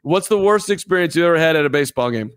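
A man's voice: on the high side, animated, very fast, smooth. A man co-hosting a live baseball podcast, telling stories in a rambling way and repeating himself. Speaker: podcast co-host. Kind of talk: casual live podcast chat.

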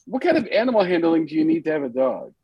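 A man's voice: fairly high pitch, fast, slightly rough, lo-fi sound. A man playing a tabletop game, chatting in a casual, joking way. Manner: lively, laughing, joking. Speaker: player.

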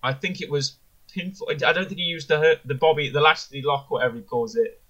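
A man with a fairly high, sharp-toned voice talks fairly quickly over dull audio. As co-host of a casual wrestling review podcast, he rambles enthusiastically and keeps correcting himself.

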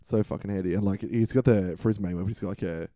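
A man's voice: low voice, quick pace, a crowd in the background. An Australian man co-hosting a podcast, chatting casually about games and swearing freely. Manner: swears constantly, laid-back. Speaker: podcast co-host. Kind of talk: casual gaming chat.

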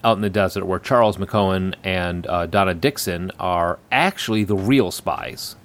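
A man's voice: sits low, normal speed. A man hosting a casual chat, recapping a film with many ums and frequent laughter.

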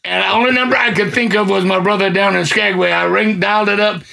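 A middle-aged man telling a personal faith testimony in colloquial, excitable storytelling that swells into fervent near-shouting. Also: high-pitched, quick pace, creaky. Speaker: guest giving a testimony.

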